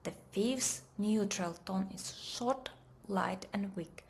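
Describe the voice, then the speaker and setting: Slow, deliberate woman teaching pronunciation. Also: mid-range voice. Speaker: language teacher. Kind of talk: slow scripted lesson narration.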